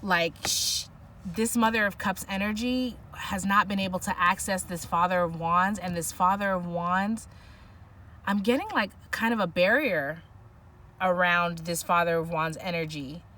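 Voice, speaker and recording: A woman's voice: on the low side, steady tone, a little slow, far from the mic, slight background noise. A woman doing an intuitive tarot reading, musing aloud and searching for words, with many restarts. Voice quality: soft, emotional at times. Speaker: tarot reader.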